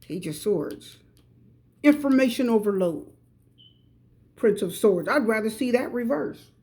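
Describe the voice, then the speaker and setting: A middle-aged woman reads tarot cards for her viewers in a chatty, emphatic way, pressing each point home. Her voice sits a little high but has a mellow, warm tone. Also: animated, a little slow. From United States. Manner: chatty, emphatic, repeats advice directly to viewers. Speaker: tarot reader. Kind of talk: pick-a-card tarot reading.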